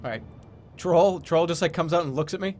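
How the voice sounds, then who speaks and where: A man streaming a game, reading the game's text aloud and reacting excitedly, with swearing and mock boasting. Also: a little high, brisk, faint music behind.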